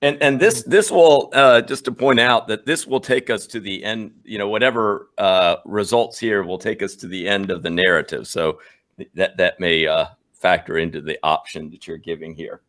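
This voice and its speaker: A man's voice: lowish voice, moderate pace, a bit bright. A man playing an improvised story game, reading options and explaining rules with hesitations. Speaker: player.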